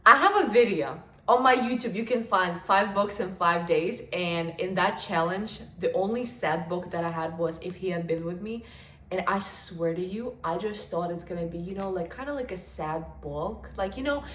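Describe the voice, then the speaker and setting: A woman's voice: medium pitch, pushed and bright. A woman in her twenties chatting casually and gushing about books, her talk full of fillers. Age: 20s. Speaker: book vlogger. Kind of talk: casual chat. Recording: echoey room.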